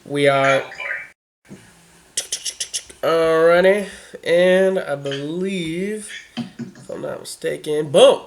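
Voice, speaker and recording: A man's voice: on the high side, extremely slow, pauses often, a little hiss or hum. A man narrating as game master of a tabletop role-playing game, rambling with many fillers and restarts.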